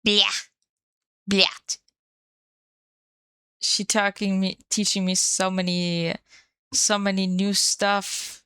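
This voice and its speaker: A woman's voice: mid-range voice, little pitch movement, slow pace, pauses often, pushed and bright, clear, resonant tone, no echo. A woman streamer chatting casually on a live stream, playful and swearing freely into a desk microphone.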